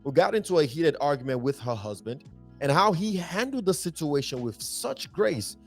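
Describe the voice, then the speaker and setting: A man's voice: a little high, very animated, normal speed. Man, podcast host, upbeat, easy laugh, music faint behind. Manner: upbeat, laughs often, reads scripture aloud. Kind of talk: casual podcast chat.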